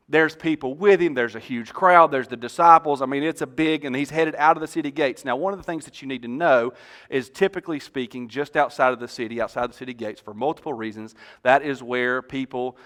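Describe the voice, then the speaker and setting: A man preaching a sermon as pastor. He tells the story in an animated way and jokes with the congregation on a church stage. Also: fairly high pitch.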